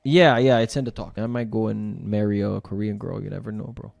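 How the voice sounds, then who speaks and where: A man's voice: on the low side, fairly even intonation, a little fast, vocal fry, a little mellow, no echo. A man co-hosting a video reaction show, chatting casually and animatedly, often stammering and repeating words. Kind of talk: casual chat.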